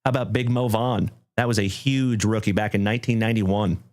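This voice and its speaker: A man hosting a livestream trading card break, thanking viewers effusively and calling out cards with excitement. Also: on the low side, fairly quick. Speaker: live card break host.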